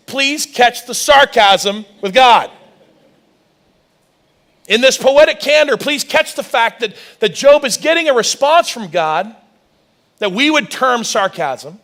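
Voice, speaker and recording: Pastor, high-voiced man, animated sermon with lots of restarts; rises loud and high for emphasis. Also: slow pace. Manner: animated preaching, many restarts, reads scripture aloud; gets loud and high when stressing a point.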